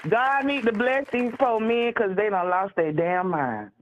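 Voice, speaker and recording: A woman's voice: medium pitch, a little slow, a faint crowd, a little hiss or hum. A woman calling in to a show, telling gossipy stories in a chatty way. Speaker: caller. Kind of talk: phone call-in chat. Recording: tinny phone line.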